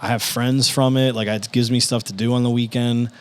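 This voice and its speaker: Fairly quick and smooth, his medium-pitched voice carries loose anecdotes on a podcast where he's a guest comedian. He performs the quoted lines with lots of energy and profanity.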